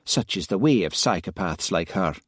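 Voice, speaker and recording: A man reading aloud, voicing a blunt, stubborn Highland village policeman who speaks curtly. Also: lively intonation, moderate pace, slightly rough, dry recording, studio quality. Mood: firm. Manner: blunt, curt.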